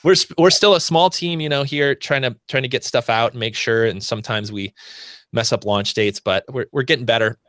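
A man's voice: medium pitch, brisk, fairly bright tone, no room sound, studio quality. An American man hosting a podcast, chatting casually and rambling with many restarts and fillers. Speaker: podcast host.

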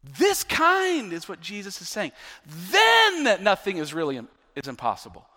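A male pastor preaching a sermon with emphasis, often repeating words as he builds to near-shouting. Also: sits high, wildly swooping pitch, normal speed, long reverb tail.

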